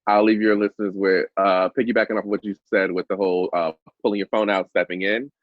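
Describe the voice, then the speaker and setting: A man speaking as a podcast guest, earnest and thoughtful, pausing often with "uh". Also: fairly low pitch, little pitch movement, no echo. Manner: earnest and thoughtful, with frequent "uh" pauses. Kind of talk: casual podcast conversation. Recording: dull lo-fi sound.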